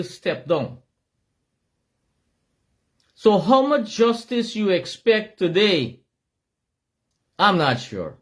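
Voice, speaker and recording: A middle-aged man from Guyana, with a Guyanese accent and a voice that sits high, gives an impassioned monologue. He shouts throughout and repeats himself for emphasis.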